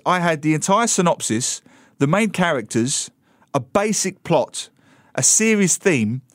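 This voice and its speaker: Lively man telling a story. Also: on the high side, dry recording, clean studio sound. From Britain. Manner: lively storyteller, acts out voices in quotes. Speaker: author guest. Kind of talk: animated radio interview.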